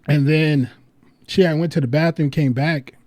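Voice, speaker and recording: A man hosting a loose livestream chat, pitch sitting a bit high for a guy, swearing and laughing as he rambles through stories. The sound is dry and close, with no room around it. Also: moderate pace, dry recording. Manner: animated storytelling, laughs a lot, swears freely; loose, rambling delivery with restarts. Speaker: livestream host.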